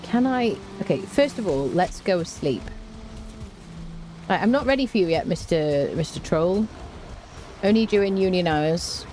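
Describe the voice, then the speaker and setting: Lady streaming a game, chatty and playful, lowish mellow voice, hums little tunes, greets chat. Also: animated, unhurried, long pauses, a little hiss or hum. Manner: greets chat viewers by name. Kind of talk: casual gameplay commentary.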